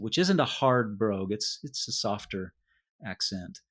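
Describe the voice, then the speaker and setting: A man's voice: on the low side, expressive, measured pace, a bit bright. Easygoing man chatting about his work. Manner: easygoing, rambling with restarts. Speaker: author, interview guest. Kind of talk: casual chat.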